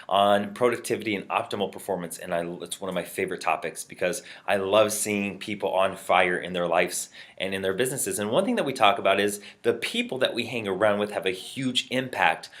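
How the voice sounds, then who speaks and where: Upbeat low-voiced male motivational speaker. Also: a little fast, few pauses, a bit bright. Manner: upbeat, friendly storytelling. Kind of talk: short motivational talk with a fable.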